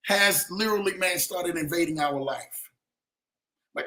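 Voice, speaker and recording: A man hosting a casual livestream show, telling stories and giving advice in an animated way, often checking in with his listeners. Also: sits high, unhurried, long pauses, reverberant. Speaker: show host.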